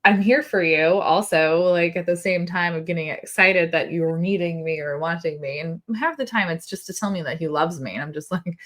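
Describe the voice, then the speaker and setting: A woman's voice: lowish voice, fairly quick, few pauses. A woman co-hosting a casual podcast, telling candid stories with laughter. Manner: candid, animated storytelling, laughs. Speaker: podcast co-host. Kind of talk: casual chat.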